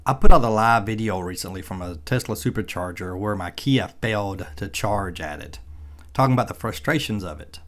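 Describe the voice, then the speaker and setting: A man's voice: fairly low pitch, brisk, fairly bright tone. Folksy Southern man from Arkansas. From Arkansas, USA. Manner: folksy, plainspoken, chuckling. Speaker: EV vlogger. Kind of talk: casual vlog commentary.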